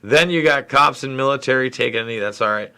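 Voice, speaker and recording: A man's voice: mid-range voice, quick pace, bright, forceful tone. Frustrated, rambling man reading live chat. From New York State. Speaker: livestream host.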